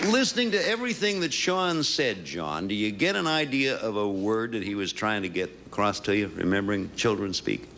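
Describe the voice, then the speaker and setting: A man's voice: medium pitch, background noise. A man hosting a television game show, joking and bantering with the contestants. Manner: playful, quipping banter. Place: TV studio with audience.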